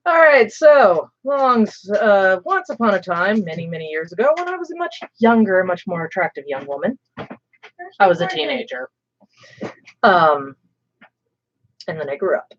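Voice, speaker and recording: A woman hosting a stream, telling a story in a casual, animated way with some swearing. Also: mid-range voice, normal speed, long pauses, lo-fi sound. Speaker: streamer host. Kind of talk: casual storytelling while painting.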